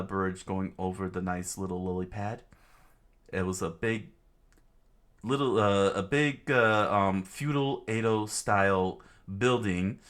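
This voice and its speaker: A man's voice: deep voice, fairly bright tone. A man reading a comic aloud in a casual, rambling way, full of fillers and side comments. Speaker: comic reader. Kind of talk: casual read-along narration.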